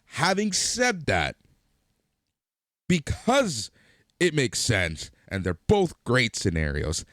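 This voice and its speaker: A man's voice: medium pitch, huge pitch swings, takes it slowly, fairly bright tone, dry recording, studio quality. A man co-hosting a podcast, recapping wrestling matches in detail and chatting casually. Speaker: podcast co-host.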